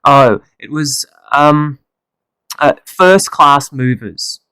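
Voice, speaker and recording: A customer in a listening-test dialogue, everyday voice, bit hesitant, dry close sound. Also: male voice, on the high side, expressive, very slow, sharp tone, clear, resonant tone, no room sound, full character voice. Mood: matter-of-fact. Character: ordinary adult man answering a clerk's questions. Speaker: customer giving shipping details.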